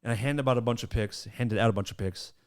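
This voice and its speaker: Talking fast at a medium pitch, a young podcast host spins a casual story with lots of laughter. He's animated throughout, breaking into laughs mid-story and performing the quotes himself.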